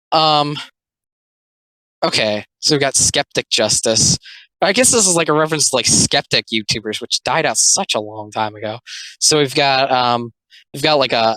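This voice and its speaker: A man's voice: mid-range voice, sharp tone, dry recording, poor audio. A young man doing a casual commentary video, rambling with lots of fillers and sounding exasperated.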